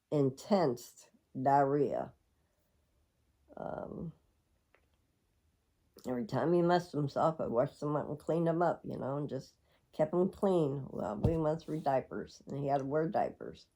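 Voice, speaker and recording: Middle-aged woman telling a personal story, slow and reflective, warm low voice. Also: lively intonation. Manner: rambling, reflective, with frequent laughs. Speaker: vlogger.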